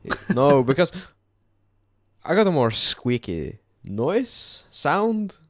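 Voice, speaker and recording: A man's voice: a little high, big pitch swings, slow, dry recording, studio quality. A Norwegian man, a native Norwegian speaker, co-hosting a casual podcast chat in English with short joking replies. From Norway. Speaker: podcast co-host.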